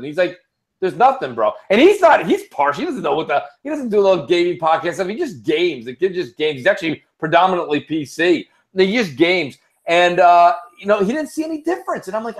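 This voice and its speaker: A man hosting a casual gaming podcast, an animated storyteller who swears freely. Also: high-pitched, fairly quick. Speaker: podcast host.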